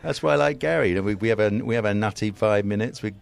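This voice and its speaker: A man in his sixties from England, a golf commentator telling animated stories as a podcast guest. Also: on the low side, fast, creaky. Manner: animated storyteller, slips into mimicry. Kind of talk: casual interview chat.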